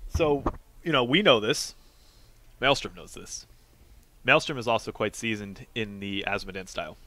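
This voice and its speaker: A man's voice: on the low side, normal speed, pushed and bright. A young man co-casting an esports match, playful and analytical, on a headset mic. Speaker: esports co-caster. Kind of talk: casual esports commentary.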